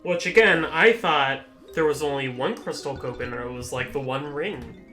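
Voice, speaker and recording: A man's voice: on the high side, normal speed, sharp tone, faint music behind. A man in casual group game commentary, tossing in sarcastic wisecracks. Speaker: let's play commentator.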